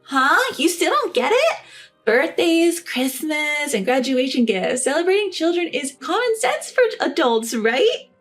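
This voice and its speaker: A woman narrator voicing a pushy, entitled sister-in-law who talks down to everyone in a high, demanding voice. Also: sing-song, measured pace, fairly bright tone, soft background music, exaggerated voice. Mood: condescending. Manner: condescending, demanding, shrill.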